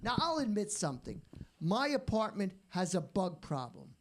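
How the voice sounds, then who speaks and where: A man doing a stand-up routine, delivering deadpan one-liners after slow setups. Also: high voice. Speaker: stand-up comedian.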